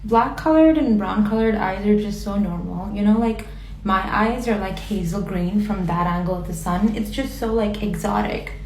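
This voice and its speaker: A woman's voice: mid-range voice, moderate pace, a little mellow, echoey room, a little hiss or hum, poor audio. A woman speaking in a vain, boastful way.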